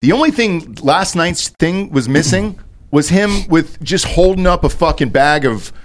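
Rambling, animated man. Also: on the high side, measured pace. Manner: loose, profane, rambling. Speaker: podcast co-host. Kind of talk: casual chat.

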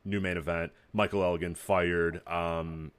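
A man's voice: low-pitched, level tone, clear, resonant tone. A man co-hosting a casual podcast, talking loosely with lots of fillers. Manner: fast, loose, filler-heavy talk. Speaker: podcast co-host.

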